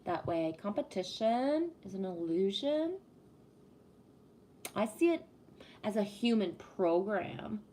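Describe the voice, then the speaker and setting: A woman's voice: very animated, takes it slowly, pauses often, mellow, slight background noise. A woman chatting casually on a live stream, reading viewer comments and ranting with plenty of swearing. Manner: swears a lot, rants with rising pitch; talks to chat, reads comments aloud.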